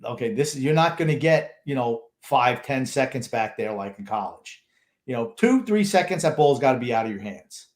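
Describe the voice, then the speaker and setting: A man's voice: medium pitch, lively intonation, normal speed. Blunt, opinionated male sports podcaster. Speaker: podcast co-host. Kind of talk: casual sports talk.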